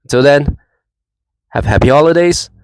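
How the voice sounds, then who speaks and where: Relaxed man chatting in a fan vlog. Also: fairly high pitch, moderate pace, dry recording, rough recording. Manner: easygoing banter with fillers. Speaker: football fan vlogger. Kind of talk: casual reaction vlog.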